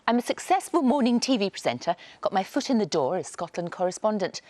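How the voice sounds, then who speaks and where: Woman in a comic confession sketch as a TV presenter, lively pitch, dry close sound. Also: fast talker, no room sound, natural voice. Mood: mock-confessional. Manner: mock-confessional, theatrical. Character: woman posing as a Scottish morning TV presenter. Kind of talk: comic pre-recorded video message.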